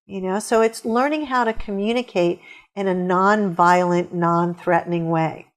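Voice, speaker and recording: A woman's voice: on the low side, steady tone, moderate pace. A middle-aged woman answering interview questions with upbeat, storytelling advice. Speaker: guest author.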